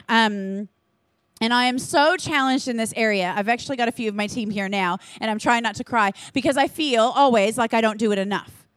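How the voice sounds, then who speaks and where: Earnest, energetic woman with a higher voice. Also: dry recording. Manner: energetic, earnest, chatty with quick asides. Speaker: church children's ministry leader speaking to leaders. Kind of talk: conference talk to an audience.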